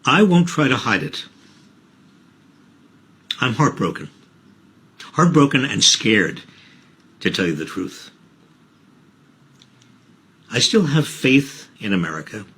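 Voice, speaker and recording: A man, a politician, giving a measured, solemn prepared public statement. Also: medium pitch, fairly bright tone, husky.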